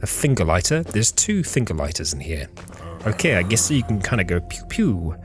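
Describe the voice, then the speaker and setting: A man narrating a game playthrough as host, talking calmly and musing aloud to his character. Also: lowish voice, normal speed, music in the background. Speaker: let's play host.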